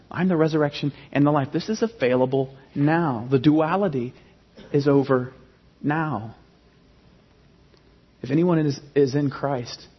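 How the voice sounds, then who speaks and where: A man in his thirties preaching a sermon as pastor, emphatic and animated, often restarting his phrases. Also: medium pitch, husky. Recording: dull sound with long hall reverb.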